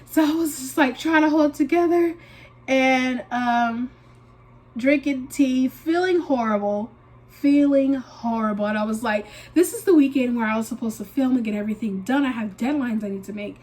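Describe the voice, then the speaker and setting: A young woman chats through a get-ready-with-me video, her voice sitting notably high. She tells her story animatedly, slipping into dramatized quotes of herself, and sounds slightly stuffy from a recent sinus infection. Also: moderate pace, darkish tone. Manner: uses y'all and filler likes. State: congested, recovering from a sinus infection. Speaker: beauty vlogger. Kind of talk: casual get-ready-with-me chat.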